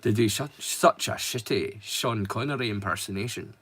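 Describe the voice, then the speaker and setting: A man's voice: on the low side, normal speed, fairly bright tone, slightly rough. A man with a Scottish accent chatting casually with his live-stream viewers, teasing them and swearing freely. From Scotland.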